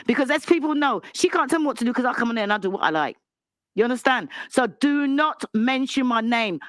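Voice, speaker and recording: A woman's voice: fairly high pitch, animated, fairly quick, no room sound. A woman giving an angry, lecturing rant in a clip, calling someone out. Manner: indignant, lecturing.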